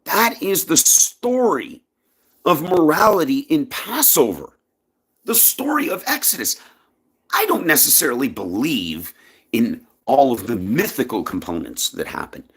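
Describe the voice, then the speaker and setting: Canadian guy ranting on his vlog, gravelly, pitch jumps all over. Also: unhurried. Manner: emphatic, impassioned, lively swings in pitch. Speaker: vlogger. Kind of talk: personal opinion monologue.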